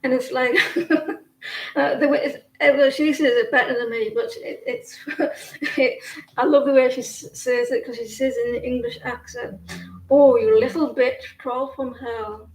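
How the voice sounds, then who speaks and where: A woman's voice: high-pitched, fairly even intonation, moderate pace, echoey room, poor audio. A woman giving tarot readings on a casual livestream, chatting in a rambling way and often breaking off mid-sentence. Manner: rambling, chatty, self-interrupting. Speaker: tarot reader.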